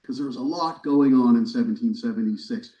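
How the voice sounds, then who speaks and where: A man, a history professor, giving a relaxed, wry lecture to a church audience, with casual fillers and restarts. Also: medium pitch, brisk. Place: church hall, recorded live. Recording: roomy, distant, dull lecture recording.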